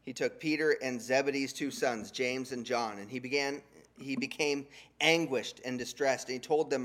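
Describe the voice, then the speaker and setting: A man delivers a sermon in a relaxed, conversational way. He retells the scripture with lively, slangy paraphrases and keeps his voice at an ordinary middle pitch. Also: moderate pace. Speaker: preacher.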